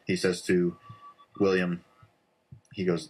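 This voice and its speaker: A man's voice: low voice, monotone, moderate pace, long pauses, slight background noise. A man casually telling a conspiracy tale, rambling with lots of "like" and "um" as he goes. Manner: rambling, full of "like" and "um". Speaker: storyteller. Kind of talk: casual conspiracy storytelling for social video.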